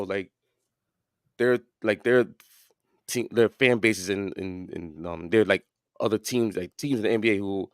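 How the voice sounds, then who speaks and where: In clean, roomless studio audio, a man co-hosts a podcast and chats loosely about sports, full of fillers and false starts. His pitch sits fairly low and his tone is fairly bright.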